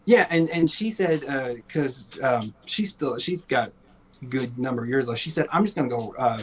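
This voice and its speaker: A man's voice: mid-range voice, slight background noise, low-quality recording. A man co-hosting a casual talk show, sarcastic and profane, laughing often and mocking people in put-on voices. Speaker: podcast co-host. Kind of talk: casual chat.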